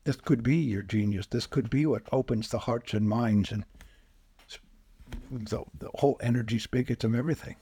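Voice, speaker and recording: A man, a spiritual healer, speaking as a podcast guest and telling lively anecdotes, acting out the quoted voices. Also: mid-range voice, normal speed, breathy edge, dry recording. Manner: animated anecdotes, acts out quoted voices, chuckles often. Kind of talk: casual storytelling interview.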